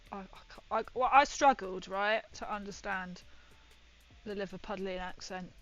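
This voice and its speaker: A woman's voice: medium pitch, measured pace, pushed and bright, lo-fi sound, faint music behind. A woman painting miniatures and chatting with viewers in a rambling, giggly way. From Britain. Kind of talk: casual chat while painting.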